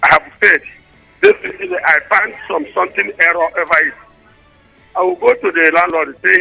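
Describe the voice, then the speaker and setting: A man's voice: sits high, huge pitch swings, a little fast, gravelly, pushed and bright, faint music behind, rough recording. A Nigerian man calling in to a radio show by phone, making his case earnestly and repeating himself. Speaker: caller. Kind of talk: phone-in caller.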